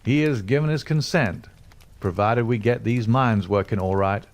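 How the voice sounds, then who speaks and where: A man's voice: lowish voice, normal speed, lightly acted. A man voicing an ardent, resolute young pioneer who talks in an earnest, tender way.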